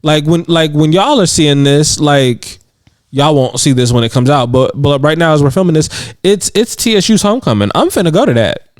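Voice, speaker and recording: A man's voice: a little high, expressive, normal speed, no room sound, clean studio sound. Chatty man with lots of fillers. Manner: rambling, heavy on "like" fillers, laughs often. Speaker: podcast co-host. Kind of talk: casual chat. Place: indoors on a couch.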